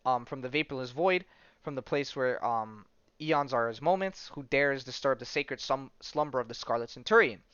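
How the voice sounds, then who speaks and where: A man's voice: mid-range voice, normal speed, a bit bright, clean tone, no room sound, natural voice. A man reading out the lines of a grandiose male time-travelling villain from a comic, stumbling over words with fillers. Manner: reads comic dialogue aloud with fillers. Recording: dull lo-fi sound.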